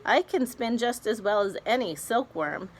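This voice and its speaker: A woman's voice: a little high, lively intonation, moderate pace. A woman reading aloud, voicing a proud female spider in a storybook. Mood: boastful.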